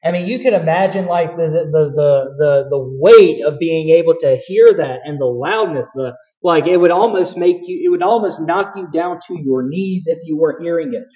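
A man preaches in a conversational way, stumbling over restarts as his emphasis builds. His voice sits fairly high, with a warm, mellow tone. The recording sounds a little dull and lo-fi. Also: moderate pace, few pauses. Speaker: pastor. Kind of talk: sermon.

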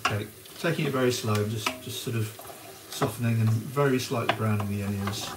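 Onions sizzling in a pan make for heavy background noise as this cooking livestream host chats. His voice sits lowish and his pace is brisk. He keeps the cookalong casual, calling out viewers by name while he cooks.

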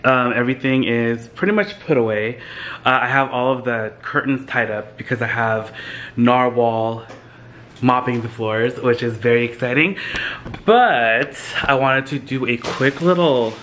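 A man hosting a casual vlog, gushing and excitable, talking straight to viewers while filming on a handheld camera. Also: medium pitch, a little slow, slight background noise. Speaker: vlogger host. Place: thrift store, then home kitchen.

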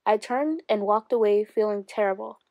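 A woman teacher reading a memoir aloud to her class, steady and expressive, with rises for emphasis. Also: mid-range voice, moderate pace, no echo.

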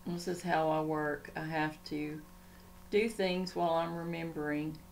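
A woman's voice: low-pitched, fairly even intonation, measured pace, creaky, a little hiss or hum. A woman chatting casually in a home vlog, rambling and easily sidetracked as she talks. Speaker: Christian vlogger. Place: home room.

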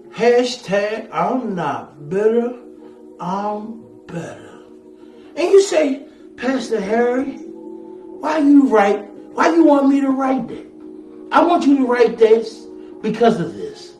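High-voiced preacher in an echoey church. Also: male voice, recorded from a distance. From Southern US. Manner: call-and-response preaching, building to shouts. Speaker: pastor. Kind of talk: sermon. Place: church sanctuary, from afar.

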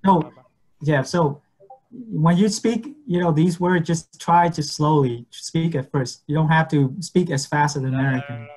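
A man teaching medical English in an online class, patiently repeating words slowly and switching languages. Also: a little high, a little mellow, a little hiss or hum.

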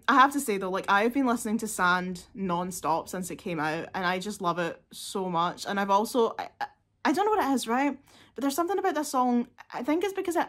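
A woman's voice: medium pitch, fairly bright tone. A woman, chatting casually and gushingly as a music reaction vlogger, with lots of fillers.

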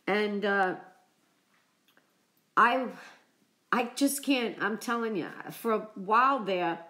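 A woman vlogger chatting on a live stream, emotional and choked up from crying, talking haltingly with many restarts. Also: medium pitch, sharp tone. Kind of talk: casual live-stream chat.

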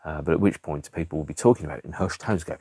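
A man's voice: very deep voice, very fast, dark tone, breathy edge, no room sound, studio quality. A man hosting a casual podcast, reviewing films in an exasperated, emphatic way with rhetorical questions and the odd swear word. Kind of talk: casual chatty film review.

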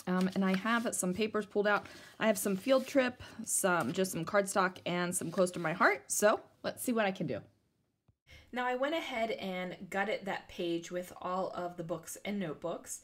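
Congested, chatty woman narrating a voice-over. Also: medium pitch. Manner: chatty, rambling, with frequent ums and small laughs. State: congested, breathing through the mouth. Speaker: scrapbooking video host.

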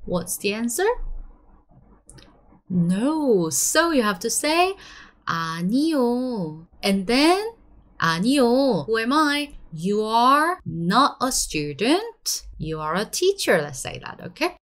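A woman in her thirties with a Korean accent, a Korean teacher giving an encouraging online lesson and drawing out the example phrases slowly. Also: a little high. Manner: lively, encouraging, drawn-out model phrases.

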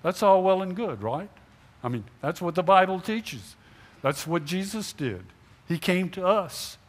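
A middle-aged man delivers a Sunday sermon from the front of a church sanctuary. His voice sits slightly high for a man and trails off into a long echo under the high ceiling. He keeps asking his listeners questions and acts out little imagined dialogues as he speaks. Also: expressive, unhurried. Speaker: pastor. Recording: long hall reverb in a church.

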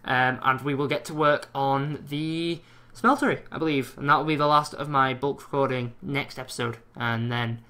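A man's voice: medium pitch, fairly even intonation, normal speed, hardly any pauses, bright, forceful tone. A man casually commentating his own gameplay, chatty and jokey, swearing now and then. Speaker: let's play host.

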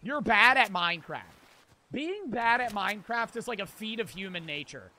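A man streaming gameplay in casual commentary, brash and profane, answering chat with quick irritation. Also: sits high, animated, pushed and bright. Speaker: streamer playing a battle royale game.

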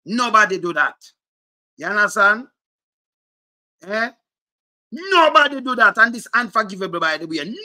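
A man with a Jamaican accent giving heated, passionate casual commentary that rises to shouts. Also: a little high.

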